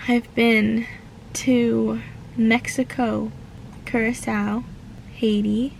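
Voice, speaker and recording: A woman's voice: on the high side, flat delivery, creaky, slight background noise, rough recording. A young woman from the United States talking earnestly and heartfelt in a reflective personal vlog. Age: young adult. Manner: earnest and heartfelt, slow with pauses. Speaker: vlogger.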